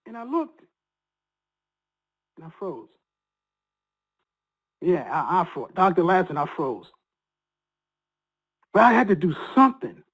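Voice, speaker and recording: A man speaking as a guest, telling an emotional personal story in an earnest, halting way with many repeated restarts. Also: high-pitched, very animated, a bit bright, slightly rough, low-quality recording.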